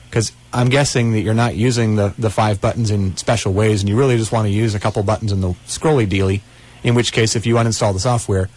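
Rambling radio tech host, lowish voice. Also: male voice, darkish tone. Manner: rambling, restarts often, folksy. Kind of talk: casual call-in radio chat.

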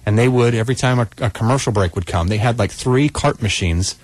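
A man's voice: medium pitch, a little fast, no room sound. A man hosting a call-in computer help radio show, talking casually and rambling with frequent restarts. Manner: rambling, restarts often, folksy. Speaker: radio tech show host.

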